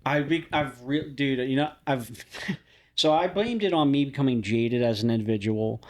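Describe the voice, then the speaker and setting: A man's voice: mid-range voice, normal speed. A young man hosting a podcast, telling stories in a rambling, casual way with frequent laughs and restarts. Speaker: podcast host. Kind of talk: casual chat.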